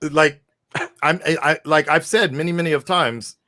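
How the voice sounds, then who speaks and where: A man's voice: a little high, moderate pace, pushed and bright. A man hosting a call-in discussion, talking casually, rambling and swearing with laughing asides. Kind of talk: casual chat.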